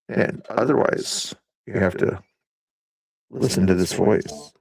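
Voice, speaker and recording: Gravelly man calling out to his chat. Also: lowish voice, slow, long pauses, a little mellow. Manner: playful, bossy with viewers. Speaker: livestreamer. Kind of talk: talking to chat viewers.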